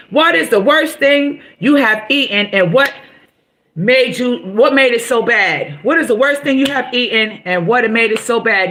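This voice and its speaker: A woman's voice: on the high side, brisk, fairly bright tone. A woman giving casual motivational talk to her viewers, preachy and encouraging, repeating herself often. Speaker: motivational vlogger.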